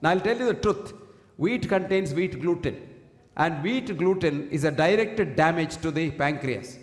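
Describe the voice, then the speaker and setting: A man's voice: a little high, expressive, moderate pace. A man with an Indian English accent giving a preachy motivational health talk, quoting Sanskrit verses. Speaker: health speaker. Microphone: single handheld or stand mic. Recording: echoey hall.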